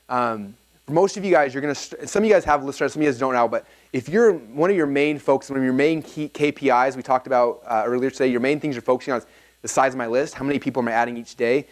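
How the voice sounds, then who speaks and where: A man speaking to a live seminar audience, telling a personal story and acting out the dialogue with lots of energy. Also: medium pitch. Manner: animated, acts out quoted dialogue.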